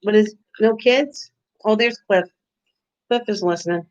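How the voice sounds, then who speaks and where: A woman's voice: mid-range voice, a little slow. An older woman hosting a casual live stream from her home kitchen, chatting with viewers by name and laughing often. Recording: lo-fi stream audio.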